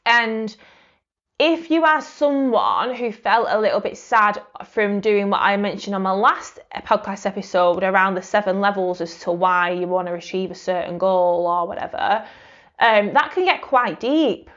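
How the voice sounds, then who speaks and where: A woman's voice: mid-range voice, normal speed, fairly bright tone, highs cut off. A woman hosting a solo podcast, talking reflectively and conversationally with lots of fillers and restarts. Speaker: podcast host.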